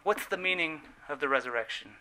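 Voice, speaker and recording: A man delivers a sermon with a high, strikingly bright and forceful voice. He preaches earnestly and with emphasis, slowing on key words. His phrase endings drop away softly. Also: expressive, slight background noise, low-quality recording.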